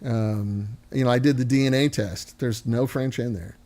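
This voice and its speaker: A man's voice: mid-range voice, fairly even intonation, moderate pace, dark tone. A man, chatting casually and joking with some swearing. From United States. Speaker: host. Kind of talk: casual chat.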